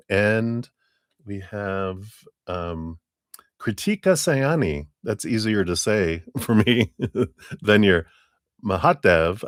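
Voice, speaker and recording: A man with a very low voice hosts a live tarot stream, chatting casually and warmly greeting viewers one by one. His sound is dry and close, with no room echo. He chuckles easily between names. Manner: friendly, greets viewers by name, chuckles often.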